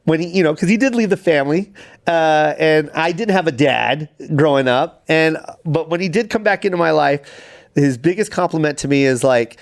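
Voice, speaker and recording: A man, a comedian, telling candid stories in an interview and acting out the voices of people in them. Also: moderate pace. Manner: animated, acts out quotes in shifting pitch. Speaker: comedian, guest.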